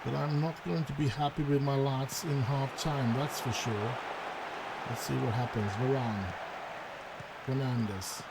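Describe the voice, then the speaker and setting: Heavy background noise surrounds a medium-pitched, gravelly male voice that moves a little slowly. This gaming YouTuber casually narrates his football management game play, talkative and hesitant, perking up at chances and excited when goals go in.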